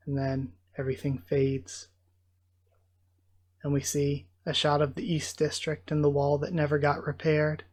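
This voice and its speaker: Male host, casual manga readthrough, emotional and exclaiming, light pitch. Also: monotone, a little slow. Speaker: channel host.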